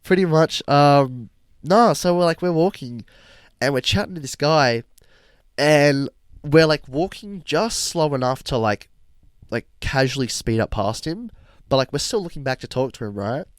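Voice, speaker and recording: Animated young man telling a story. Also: fairly high pitch, clear, resonant tone, no room sound, clean studio sound. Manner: animated, slangy, quick to laugh. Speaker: podcast host. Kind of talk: casual storytelling chat.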